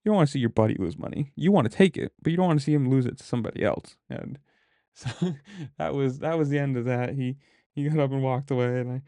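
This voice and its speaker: A man recounts a poker table story in an easygoing, rambling way, full of "like" and "whatever". His voice is warm and mellow. The sound is dry and close, and now and then he drops to a mutter to call his own folds. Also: mid-range voice, quick pace, no echo. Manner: rambling, conversational, with frequent filler words; mutters poker decisions to himself under his breath. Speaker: poker player telling a story. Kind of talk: casual storytelling vlog.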